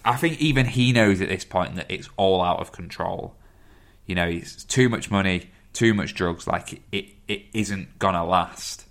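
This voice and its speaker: Low-voiced man recapping a film. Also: moderate pace, a bit bright. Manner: thoughtful, recaps the plot at length with fillers. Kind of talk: casual film chat.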